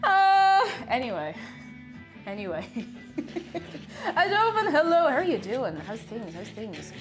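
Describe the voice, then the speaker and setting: Baking at home on a live stream, an Irish woman chats easily with her audience, saying things more than once and welcoming viewers by name. She speaks a bit slowly in a high voice with large pitch swings, while faint phone music plays in the background.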